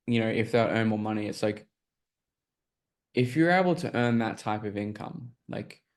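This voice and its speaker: A man coaching a group on a call, explaining sales questions in a casual, filler-heavy way and often checking that listeners follow. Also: fairly low pitch.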